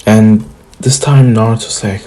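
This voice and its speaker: A man's voice: fairly low pitch, steady tone, measured pace, dark tone. A young man casually retelling a fan story, rambling with restarts.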